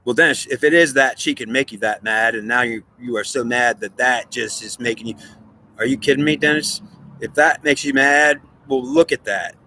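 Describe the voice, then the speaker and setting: A man's voice: mid-range voice, normal speed, bright, forceful tone, a little hiss or hum. A man talking alone to the camera, playing both sides of an earnest, repetitive argument with himself. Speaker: vlogger. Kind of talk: solo monologue, arguing with himself in two voices.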